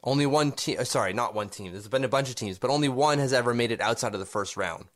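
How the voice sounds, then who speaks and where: A man's voice: mid-range voice, quick pace. A man co-hosting a casual sports podcast, arguing his points with rhetorical questions. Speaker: podcast co-host.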